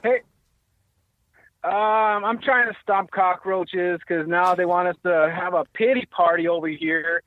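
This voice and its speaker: High-voiced fan guy on a thin phone line, all hyped up and trash talking. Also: fairly even intonation, unhurried, no room sound. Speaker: caller. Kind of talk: call-in to sports radio. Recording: dry, tinny phone line.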